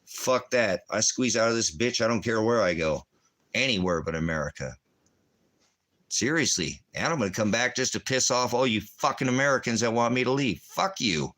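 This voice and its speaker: A man's voice: medium pitch, expressive, moderate pace, a bit bright. A man, a military veteran, delivering an angry, profane, rambling rant. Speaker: veteran ranting.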